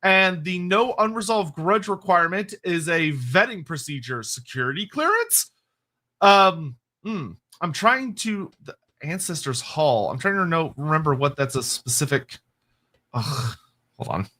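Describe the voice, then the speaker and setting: Male stream co-host, higher bright voice, chatty and self-correcting. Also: animated. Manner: quick, digressive, laughing, self-correcting. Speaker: co-host answering chat questions. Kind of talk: casual lore chat on a livestream.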